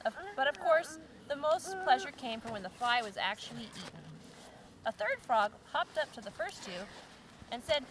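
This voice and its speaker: A woman's voice: high-pitched, animated, normal speed, fairly bright tone, a little hiss or hum. A woman hosting her channel, casually reading out viewer-submitted jokes and giggling at them. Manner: giggly, breaks into laughter while reading. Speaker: channel host.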